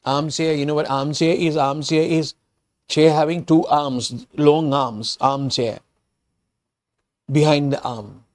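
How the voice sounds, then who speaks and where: A Sri Lankan English-accented man teaching English, retelling a storybook and explaining each word. He talks slowly and repeats himself with many restarts, in a voice a little higher than most men's. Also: steady tone. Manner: slow, repetitive explanations with restarts.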